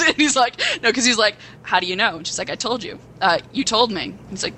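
A young woman co-hosting a podcast, excitedly rambling through a plot retelling with acted quotes. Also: mid-range voice, a little fast, hardly any pauses, a little hiss or hum, rough recording. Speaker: podcast co-host. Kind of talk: casual chat.

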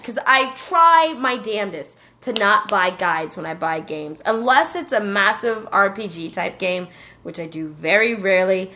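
A woman casually telling a lively story about a video game, cursing and joking as she goes. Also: mid-range voice, a little slow. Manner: animated storytelling, swearing, joking voices.

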